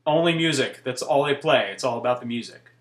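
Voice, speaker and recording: A man's voice: medium pitch, brisk, reverberant. A man vlogging to camera in casual, rambling chat, with wry asides as he talks.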